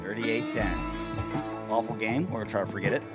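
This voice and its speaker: A man's voice: fairly low pitch, brisk, over music. A man hosting a casual sports show after a game, rambling and joking crudely. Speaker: podcast host.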